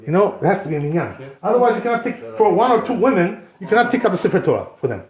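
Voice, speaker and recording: Fast-talking animated male rabbi. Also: sits high. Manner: animated, joking, rhetorical questions. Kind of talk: Torah class. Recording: echoey room, slightly dull.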